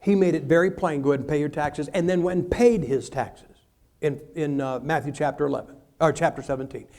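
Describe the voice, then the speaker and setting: A man preaching a sermon, telling stories with humor and acting out quick asides. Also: a little high. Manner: humorous, animated storytelling with acted asides.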